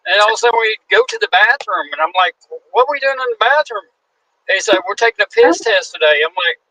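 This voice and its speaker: A man in his forties spins a backstage story with a high, swooping voice. He jumps into each quoted line and swears freely. His tone is bright and lively. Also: no echo, low-quality recording. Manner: animated, acts out quotes in shifting voices. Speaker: guest wrestler. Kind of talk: casual storytelling.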